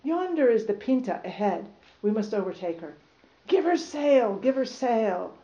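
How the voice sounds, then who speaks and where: A woman voicing a ghostly foreign ship's pilot, calm and reassuring as she reads him aloud. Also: sits high, moderate pace. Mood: urgent. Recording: roomy, slightly dull recording.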